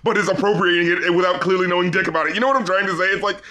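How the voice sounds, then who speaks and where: A man's voice: sits high, steady tone, racing, crowd noise. A man co-hosting a rap review podcast in casual chat, sarcastic and profane, laughing often and mocking lyrics.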